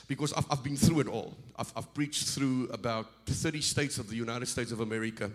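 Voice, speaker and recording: Preaching as a visitor, this middle-aged man from South Africa speaks briskly at a medium pitch. His sermon is animated, full of repeated words that build up into shouting.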